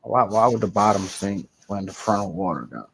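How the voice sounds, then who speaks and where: A man's voice: lowish voice, moderate pace, vocal fry, slight background noise, rough recording. A young man, casually telling a slangy, rambling story and correcting himself as he goes. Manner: rambling, slangy, animated retelling with self-corrections.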